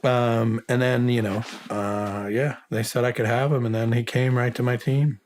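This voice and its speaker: A man's voice: mid-range voice, flat delivery, normal speed, darkish tone, a little hiss or hum. A middle-aged man and former soldier, giving an interview as the guest and telling stories bluntly, swearing constantly and acting out the people he quotes. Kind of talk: casual profane storytelling.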